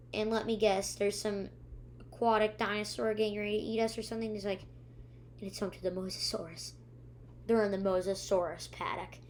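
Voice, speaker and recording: A woman's voice: medium pitch, a little mellow, slight background noise. A young woman recapping a show's episodes in a rambling, casual way, with many ums, acting out characters' lines and humming sound effects. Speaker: YouTube reviewer. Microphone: own camera.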